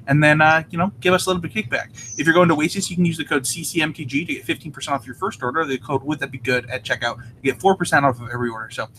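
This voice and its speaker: A man's voice: a little high, racing, few pauses, bright, forceful tone, slight background noise. Nervous, winded male podcast host. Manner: nervous, filler-heavy, laughing. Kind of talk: live podcast chat and sponsor reads.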